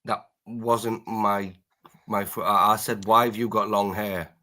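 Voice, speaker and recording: A man's voice: on the low side, little pitch movement, unhurried, bright, forceful tone. Man, northeast English accent, needling debate panelist who repeats himself. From northeast Britain, near the Scottish border. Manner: needling, repeats his demands over and over. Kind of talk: live-stream debate banter.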